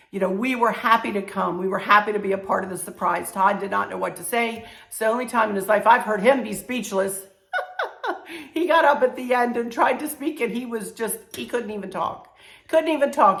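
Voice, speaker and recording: A woman with a Southern American accent and a hoarse, strained voice, chatting casually to camera as a home decor vlogger, rambling with many fillers. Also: medium pitch, a bit bright, roomy sound.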